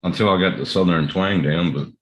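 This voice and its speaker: A man's voice: low-pitched, a little fast, slight background noise. A man from Pennsylvania chatting casually as a co-host, swearing freely and laughing often. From Pennsylvania, USA. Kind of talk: casual chat.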